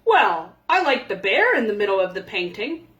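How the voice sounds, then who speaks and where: A woman voicing a big, jolly male bear who talks in a loud, hearty way. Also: medium pitch, very animated, moderate pace. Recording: echoey room.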